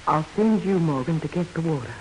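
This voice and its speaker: A woman's voice: low voice, lively intonation, a little fast, darkish tone, slight background noise, low-quality recording. An actress playing a blunt, protective frontier widow and mother in an old radio drama. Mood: determined. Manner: blunt, threatening and commanding. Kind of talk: 1940s radio acting.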